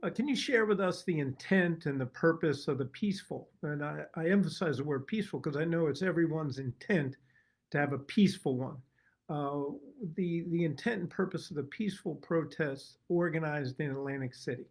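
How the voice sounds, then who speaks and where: A man's voice: on the high side, fairly quick, hardly any pauses. A man hosting an interview conversation, asking questions in a friendly way with frequent "uh" fillers. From United States. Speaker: host, state senator.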